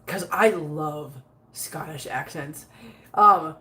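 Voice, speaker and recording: A woman's voice: low-pitched, takes it slowly, bright, forceful tone. A woman chatting casually with her live viewers while cleaning litter boxes at home, laughing often and talking to her cats. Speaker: cat vlogger reading live chat. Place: home with many cats, litter box area. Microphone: phone set up nearby. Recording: echoey room.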